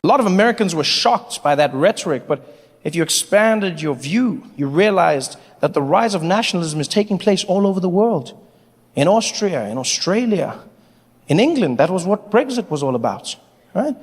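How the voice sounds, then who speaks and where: A man doing live stand-up comedy in an animated style, often breaking into voices and shouts. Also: high-pitched, normal speed, breathy edge. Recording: live hall reverb, audience noise.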